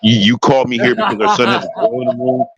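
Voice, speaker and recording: A man's voice: mid-range voice, fast talker, lightly acted. A man quoting Superman as a stern grown hero and father, in a loosely retold, lightly voiced way, over a slightly dull lo-fi mic.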